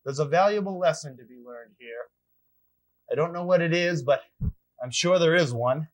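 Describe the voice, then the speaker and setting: A man playing a pompous, self-important starship commander in a low-budget comedy sketch. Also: moderate pace, natural voice. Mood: self-satisfied.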